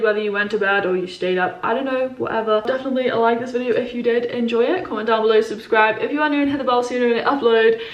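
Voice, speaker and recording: A woman's voice: a little high, reverberant, highs cut off. A young woman in her twenties chatting casually to camera as a vlogger, rambling with many fillers. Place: indoors at home.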